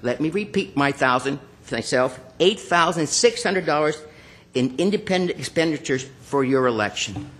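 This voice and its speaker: Male public commenter, fairly high voice, accusatory and combative, speaking at a council chamber podium mic. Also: animated, moderate pace, fairly bright tone. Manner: accusatory, confrontational; addresses officials by name.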